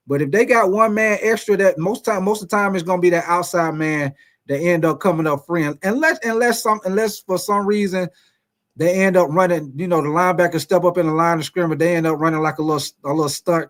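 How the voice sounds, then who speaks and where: A man hosting a casual sports livestream, talking to his chat in a relaxed, chatty way. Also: high voice. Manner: chatty, laid-back, speaks to the chat. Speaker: sports show host.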